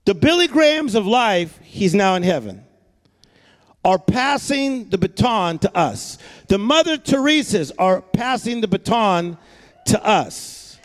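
A man preaching a lively sermon, repeating words, joking with the crowd and shouting for emphasis. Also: high voice, a little slow, long reverb tail. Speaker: pastor.

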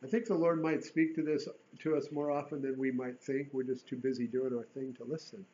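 A man preaching a sermon in an earnest way, rising to emphatic bursts and dropping to a hush. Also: medium pitch, flat delivery, brisk, muffled recording, a little hiss or hum.

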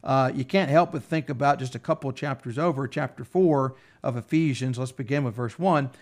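A man's voice: mid-range voice, brisk. A man teaching from scripture, reading verses aloud in an earnest Bible study discussion.

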